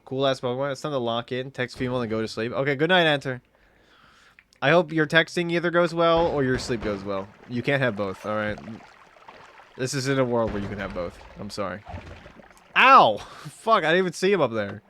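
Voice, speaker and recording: A man's voice: medium pitch, lively intonation, brisk, fairly bright tone, slight background noise. A man streaming a game, chatting casually, joking and swearing, with sudden yelps. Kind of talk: casual gaming stream commentary.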